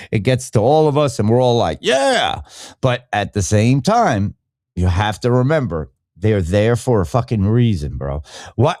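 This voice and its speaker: A man's voice: lowish voice, warm tone, no room sound, clean studio sound. A middle-aged man hosting a podcast, ranting in a casual, rambling and profane way about his opinions. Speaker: podcast host. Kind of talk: casual live-stream rant.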